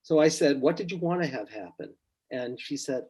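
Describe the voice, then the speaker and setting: A middle-aged man, a psychotherapist, relaxed and storytelling in a podcast interview, quietly acting out his clients' words. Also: mid-range voice, moderate pace, husky, muffled recording. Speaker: psychotherapist guest.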